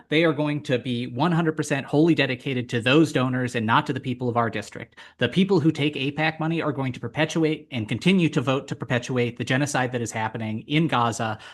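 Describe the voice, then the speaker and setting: Impassioned plain-spoken candidate man. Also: medium pitch. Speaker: political candidate. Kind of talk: closing statement. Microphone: video call.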